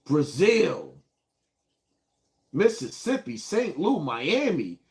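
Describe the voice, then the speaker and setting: A man's voice: fairly high pitch, very animated, very slow, vocal fry, a little mellow. A man from the Bronx, hosting a casual live stream and hyping up his viewers. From Bronx, New York. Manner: hyped, calls out viewers by place. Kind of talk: casual livestream talk.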